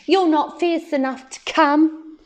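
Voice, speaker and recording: A woman's voice: high-pitched, steady tone, takes it slowly, pitched above the performer's own voice. A woman voicing two mean young tyrannosaur sisters in a storybook reading, taunting and bossy.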